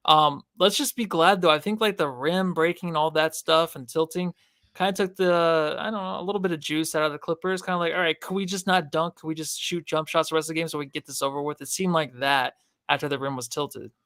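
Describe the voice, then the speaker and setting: A man's voice: fairly high pitch, fairly even intonation, brisk, a bit bright, no room sound, clean studio sound. Easygoing male podcast co-host. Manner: laughs easily, plays along with jokes. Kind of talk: casual sports podcast chat.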